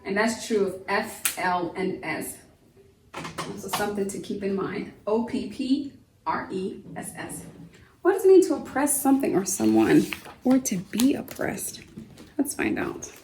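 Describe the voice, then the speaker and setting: A woman with a slightly gravelly voice teaches young children new words, slowly spelling each one out letter by letter. She stops often to ask her listeners gentle questions. A faint hiss of background noise runs under the recording. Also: medium pitch, lively intonation, poor audio. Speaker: homeschool teacher. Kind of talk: kindergarten vocabulary lesson.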